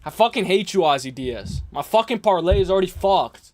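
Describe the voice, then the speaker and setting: A man's voice: sits high, lively intonation, a little fast, no room sound. A young man hosting a casual livestream, talking loosely with lots of swearing and exasperated, mocking asides to his chat. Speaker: livestream host.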